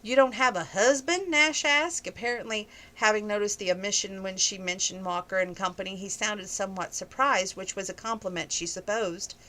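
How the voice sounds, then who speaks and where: A woman reading a romance novel aloud at an even pace, now and then noting page numbers. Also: mid-range voice, moderate pace, hardly any pauses, poor audio. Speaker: book reviewer reading aloud.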